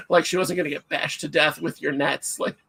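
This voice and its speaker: A middle-aged man hosting a livestream, chatting casually and telling stories in an animated, self-mocking way. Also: a little high, moderate pace, gravelly, husky. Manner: animated storyteller, self-mocking, acts out shouts. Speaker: livestream host.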